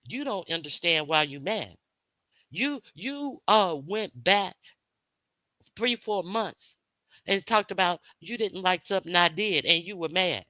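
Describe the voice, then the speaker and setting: A woman's voice: on the low side, unhurried, pushed and bright, no echo. A woman hosting her own stream, talking straight to her viewers in a heated, profane rant, repeating herself and firing questions at her critics. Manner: confrontational, profane, repetitive. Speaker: livestream host.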